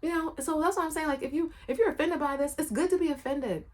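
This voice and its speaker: A woman's voice: high-pitched, fast. A woman running her own channel, telling a personal story in a casual, rambling and emphatic way, often repeating her phrases. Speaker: channel creator.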